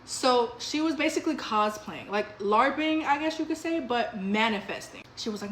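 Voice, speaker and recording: A woman's voice: on the high side, expressive, moderate pace, few pauses, a bit bright, echoey room, a little hiss or hum, rough recording. A woman telling a story in a casual storytime vlog, blunt and profane with punchy delivery.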